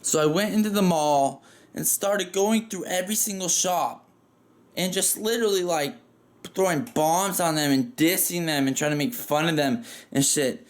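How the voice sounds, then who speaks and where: Male storyteller, casual and profane, slightly higher pitched, rambling delivery. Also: moderate pace. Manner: rambling and profane, with frequent "like" fillers.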